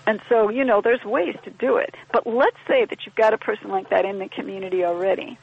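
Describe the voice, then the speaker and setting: A woman's voice: medium pitch, a little fast, creaky, few pauses, husky. A woman guest on a podcast, explaining ideas in a thoughtful, wry conversational way and acting out little quoted exchanges. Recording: dull lo-fi podcast audio.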